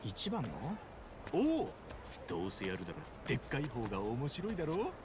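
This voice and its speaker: An actor playing a brash, cheerful young man who trades rough, boisterous banter in a video game cutscene. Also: medium pitch, huge pitch swings, fast, noisy background. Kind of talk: Japanese video game voice acting. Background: game music.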